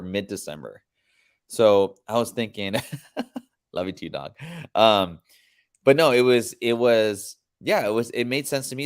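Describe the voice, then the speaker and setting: A man hosting a podcast, chatting casually in a rambling, slangy way. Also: fairly low pitch. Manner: rambling, laid-back, slangy. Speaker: podcast host. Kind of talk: casual chat.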